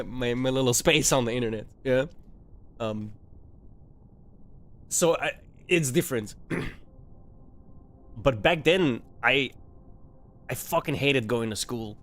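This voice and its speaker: Laughing, swearing young guy streamer. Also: on the high side. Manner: laughs often, swears freely, many restarts. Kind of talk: casual storytelling to a live chat. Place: home streaming setup.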